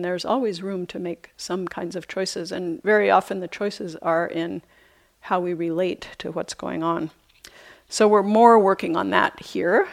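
A middle-aged woman teaching meditation, her voice carrying a gravelly edge. She talks through a retreat dharma talk in a reflective, unhurried way, pausing softly and now and then laughing lightly at herself. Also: medium pitch. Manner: reflective, unhurried, with soft hesitations; light self-amused laughter. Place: retreat center meditation hall.

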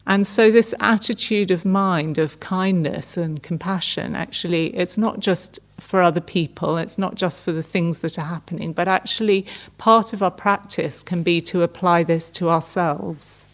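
A middle-aged woman gives a meditation talk in a gentle, unhurried way. Her voice sits a little low for a woman, and she often pauses and restarts mid-phrase. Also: steady tone. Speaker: meditation teacher. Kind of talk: dharma talk.

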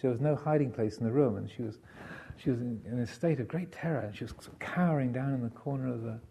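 A man giving a Buddhist dharma talk, telling a story in a halting way with many fillers and restarts. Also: mid-range voice, creaky, warm tone, slight background noise. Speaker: Buddhist monk teacher.

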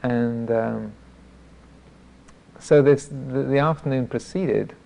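A man, a Buddhist monk teacher, giving a dharma talk as self-deprecating storytelling, halting with many restarts. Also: mid-range voice, vocal fry, a little mellow.

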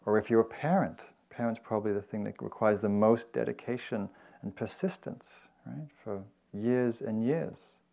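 English guy teaching meditation, lowish voice, easygoing storytelling. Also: normal speed, gravelly. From England. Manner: gentle, conversational storytelling. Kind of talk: dharma talk. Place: meditation hall with audience.

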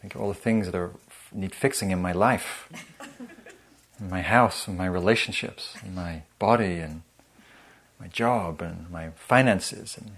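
A man's voice: sits low, measured pace, a bit bright, husky. A man giving a meditation teaching in a humorous, conversational, self-deprecating way. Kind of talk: dharma talk.

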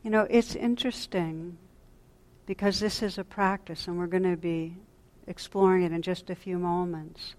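A woman meditation teacher giving a dharma talk at a retreat, speaking gently and reflectively, often dropping to a soft hush, and pausing to restart her sentences. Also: on the low side, fairly even intonation. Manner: pauses and restarts mid-sentence.

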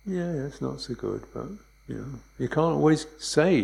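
A man giving a dharma talk as a meditation teacher, speaking in a relaxed, conversational way and chuckling often. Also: mid-range voice, normal speed, gravelly, poor audio.

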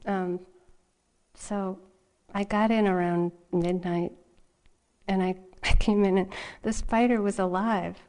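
A middle-aged woman teaching meditation, her voice sitting at an ordinary middle pitch. She tells a personal story gently and without hurry, laughing often as she goes. It is a calm dharma talk. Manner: soft, unhurried storytelling with laughter.

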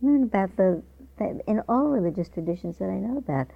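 A woman giving a dharma talk as a meditation teacher, speaking in a conversational, unhurried way while reading a news article aloud. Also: mid-range voice, animated, creaky, dry recording, dull audio. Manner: conversational and unhurried, with small restarts.

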